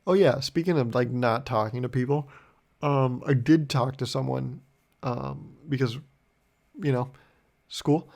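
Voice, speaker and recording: A young man hosting a solo podcast, telling rambling deadpan stories full of swearing and acting out both sides of a conversation. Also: mid-range voice, measured pace, vocal fry, long pauses. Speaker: podcast host. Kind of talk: solo comedic storytelling podcast.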